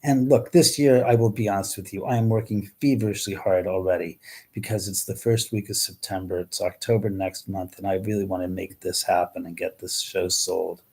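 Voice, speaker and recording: Man, middle-aged, live-stream host, casual chat, animated, mellow dark voice. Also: low voice, a little fast, husky. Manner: chatty and animated, swearing, trailing restarts. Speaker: livestream host.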